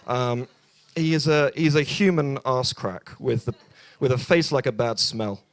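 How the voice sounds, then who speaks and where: The stand-up comedian is a young British man at a bar open mic, unhurried and speaking at a medium pitch through a handheld mic. He rambles through dry, self-deprecating material, full of ums and false starts.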